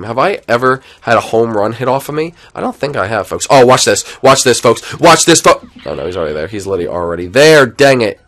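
Excitable young man streaming a game. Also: mid-range voice. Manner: excitable, chatty, jumps between loud outbursts and mutters. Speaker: gaming live streamer. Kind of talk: live gameplay commentary.

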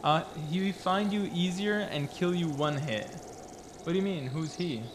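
Young male streamer, excitable and chatty, slightly high voice, faint hiss behind. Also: unhurried. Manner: excitable, chatty, reads chat aloud, playful. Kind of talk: live game stream chat.

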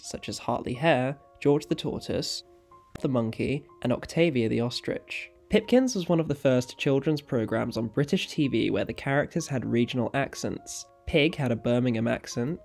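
Man, documentary narrator, steady informative reading, mid pitch, soft music underneath. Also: vocal fry. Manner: steady, informative reading with a brief apology for mispronouncing.

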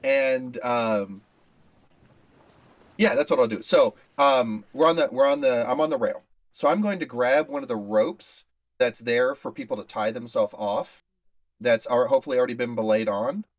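Male player, mid pitch, halting, thinking aloud, dry recording. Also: no echo. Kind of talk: casual tabletop play.

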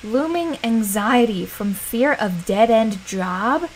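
A woman's voice: a little high, animated, takes it slowly, slight background noise, low-quality recording. A woman hosting a casual let's play, animatedly talking to her game character and reading game text aloud.

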